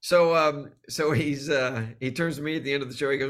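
A male comedian telling animated stories as a guest in an interview, acting out the voices he quotes. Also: on the high side, normal speed, hardly any pauses. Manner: animated storyteller who acts out quoted voices. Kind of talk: storytelling in a conversational interview.

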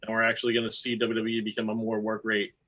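A man's voice: on the low side, monotone, quick pace, bright, forceful tone. A man on a casual online panel, giving blunt opinions and swearing casually. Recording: dull lo-fi call audio.

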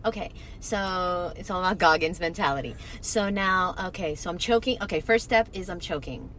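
A woman co-hosting a casual chat, joking around and firing off quick questions. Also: on the low side, a bit bright, slight background noise. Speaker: podcast co-host. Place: parked car.

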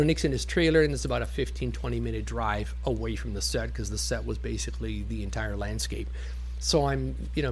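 Brief: male actor as interview guest, mid-pitched voice, loose, rambling, swearing anecdotes. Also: gravelly. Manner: rambling, profane, animated anecdotes. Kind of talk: casual storytelling.

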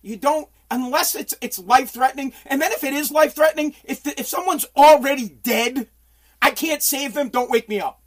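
With a very high-pitched, brisk voice, a middle-aged American livestream host rants from his home basement. The casual stream finds him profane, exasperated and pleading.

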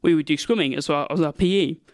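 A young man with a light English accent, softened by years in Australia, telling school stories in a casual interview, with lots of fillers. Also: on the high side, quick pace, dry recording, studio quality. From England. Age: young adult. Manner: animated, acts out voices in anecdotes, lots of fillers. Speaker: guest, university student.

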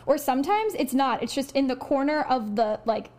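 A woman co-hosting a podcast in a high, bright voice. She talks animatedly and packs her sentences with filler words. The feel is casual and conversational. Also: moderate pace. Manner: animated, lots of "like". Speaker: podcast co-host.

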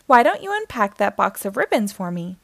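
A woman voicing a sweet, cheerful cartoon mouse woman in a storybook reading, upbeat and warm. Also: mid-range voice, big pitch swings, fairly quick, vocal fry, dry recording.

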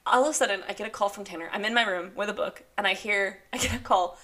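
A woman co-hosting a casual podcast chat, telling animated stories full of "like" and laughing often. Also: mid-range voice, fast. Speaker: podcast co-host; wedding photographer and mother.

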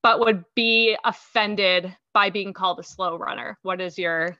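Bright-voiced woman podcast host. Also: mid-range voice, unhurried, no room sound, highs cut off. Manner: chatty, with frequent ums and restarts. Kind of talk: casual interview chat.

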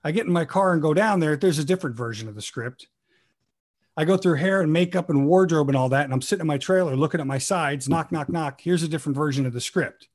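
Man, slightly high voice, animated storyteller, casual guest chat. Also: quick pace. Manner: animated, acts out quoted lines with laughs; trained in improv comedy. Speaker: guest actor.

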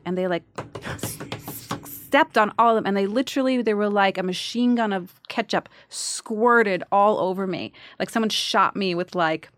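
A woman's voice: lowish voice, dry recording. A woman in her forties, originally from New York, chatting casually as an actress guest and acting out quotes while she tells a story. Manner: animated storyteller, acts out quotes. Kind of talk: casual chat.

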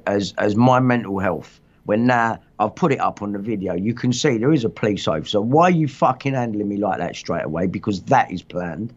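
A man's voice: on the low side, darkish tone. A man hosting a livestream, telling his story in agitated, rambling casual chat full of swearing. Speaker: livestream host. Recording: dull lo-fi stream audio.

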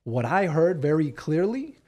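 A middle-aged man, a podcast guest, telling a story in a casual, animated way and acting out the dialogue. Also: a little high, a little slow.

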